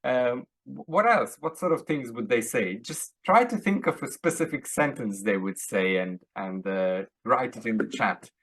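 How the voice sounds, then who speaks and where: A man's voice: mid-range voice, expressive, moderate pace, few pauses, a bit bright, breathy edge, no echo. A man teaching an online drama workshop, hesitant, with many fillers and restarts.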